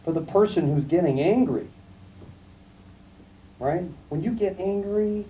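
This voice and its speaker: A middle-aged man giving a classroom lecture, telling anecdotes in a calm, emphatic storytelling way. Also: high-pitched, unhurried. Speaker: guest lecturer. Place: lecture room. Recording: distant mic, faint room noise, archival tape.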